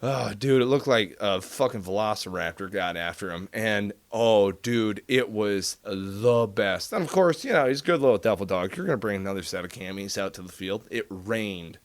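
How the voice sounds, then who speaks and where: A man telling a military story in casual chat, profane and animated, acting out the dialogue. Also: fairly low pitch, normal speed, few pauses. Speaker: podcast guest telling military stories.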